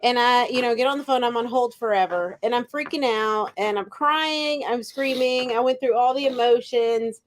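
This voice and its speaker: A woman's voice: on the high side, moderate pace, few pauses. A woman from Texas co-hosting a podcast, chiming in and acting out her own past words while telling a travel mishap. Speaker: podcast co-host. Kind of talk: casual chat.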